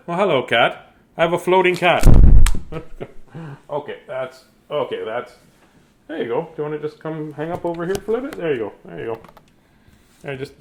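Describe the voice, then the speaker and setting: A man's voice: fairly high pitch, slight background noise. A man hosting a live bedtime story reading, chatting and joking in a playful, easygoing way. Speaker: children's story reader and host. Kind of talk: casual live chat before a bedtime story.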